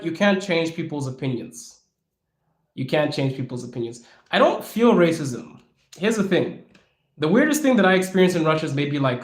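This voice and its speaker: Frank, animated man in an echoey room. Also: a little high. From Africa. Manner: frank, animated, laughs often. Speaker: podcast host. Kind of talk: casual Q&A talk.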